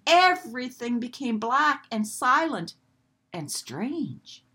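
A woman reading a children's storybook aloud in a gentle, expressive way. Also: on the high side, slow, breathy edge.

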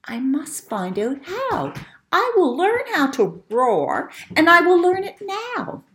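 A woman voicing a tiny, timid but eager young male mouse in a storybook, in a squeaky, earnest voice. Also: wildly swooping pitch, takes it slowly, fairly bright tone, a little hiss or hum, full character voice. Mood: determined.

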